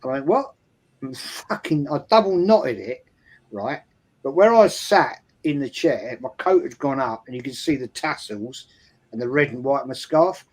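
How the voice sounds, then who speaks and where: A man's voice: medium pitch, expressive, normal speed. A man casually telling a football anecdote, swearing freely and acting out the voices in it. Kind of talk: casual storytelling.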